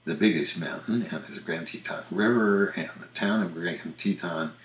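Man, very low voice, casual explainer, spells words letter by letter, echoey room. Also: normal speed. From United States. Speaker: podcast host on English usage.

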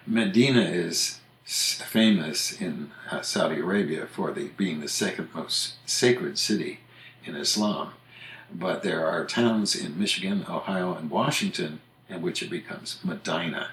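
A man's voice: low-pitched, measured pace, fairly bright tone. An older man hosting a casual podcast chat, musing aloud and correcting himself as he goes. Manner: musing, self-correcting, chatty. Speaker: podcast host. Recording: roomy echo.

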